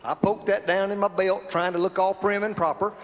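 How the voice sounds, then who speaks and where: A man's voice: sits high, little pitch movement, a little fast, big-room sound. A man from South Alabama with a Southern American accent, telling a comic story to a live audience in a folksy, exaggerated way. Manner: folksy, exaggerated, breaking into laughter. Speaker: comedian.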